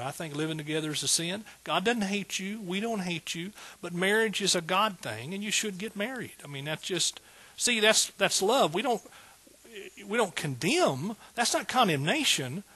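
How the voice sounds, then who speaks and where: A man's voice: high-pitched, bright, forceful tone, breathy edge. A man preaching a sermon as pastor, folksy and joking, building to emphatic bursts.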